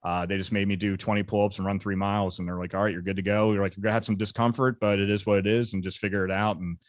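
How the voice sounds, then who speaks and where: A man in his thirties tells war stories at a quick clip, slipping into the voices of the people he met. His voice sits a little low. The sound is dry and close, with no room around it. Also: flat delivery, no room sound. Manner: brisk, vivid war storytelling with quoted dialogue. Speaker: interview guest, combat veteran. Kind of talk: casual storytelling interview.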